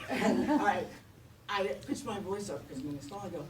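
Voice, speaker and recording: A woman's voice: mid-range voice, expressive, normal speed, far from the mic. Older woman comic, self-deprecating stand-up storyteller, roomy venue, mic set back, audience noise. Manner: self-deprecating, laughing at own punchlines. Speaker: stand-up comedian. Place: comedy venue with live audience.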